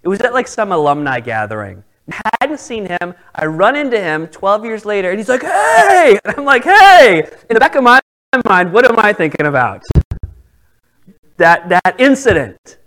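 A man's voice: high-pitched, moderate pace, rough recording. A male pastor preaching a sermon, telling a personal story with acted-out dialogue. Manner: animated storytelling, acts out quoted dialogue.

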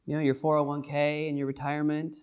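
A man delivering a sermon in a somewhat higher voice. He reads verses aloud and then retells them in a loose, lively way, as if voicing the people in the story. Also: fast, smooth. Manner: reads scripture then paraphrases it in casual, animated voices. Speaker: pastor.

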